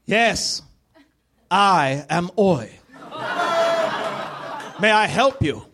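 A man voicing a sinister pale older British man in a stand-up bit, slow and theatrical, recorded live with a crowd behind. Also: high voice, expressive, pitched above the performer's own voice, exaggerated voice. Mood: grand. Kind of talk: stand-up comedy impression. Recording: live club with crowd and noise.

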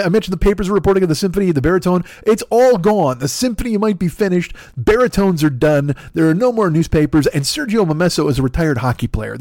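A man's voice: fairly high pitch, a little mellow, no echo, studio quality. A man ranting as a comedy podcast host, profane, sarcastic and rambling. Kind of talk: comedic rant.

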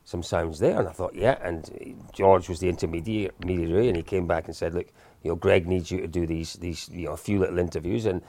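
A man in his fifties, a guest in an interview, telling anecdotes in a relaxed, self-deprecating way. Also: sits low, a little fast, dry recording. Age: 50s. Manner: anecdotal, self-deprecating, with frequent restarts and chuckles. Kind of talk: casual storytelling in an interview.

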